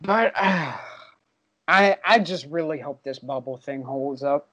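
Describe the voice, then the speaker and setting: A man's voice: on the high side, unhurried, a bit bright. A young man co-hosting a casual sports podcast, hesitant and stammering, laughing along. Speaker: podcast co-host.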